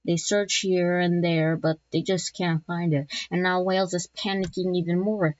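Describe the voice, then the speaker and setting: A woman's voice: fairly low pitch, steady tone, normal speed, a little mellow, dry recording. A woman narrating a map scenario in a casual, rambling way, full of restarts and jokey asides, in a dull lo-fi recording.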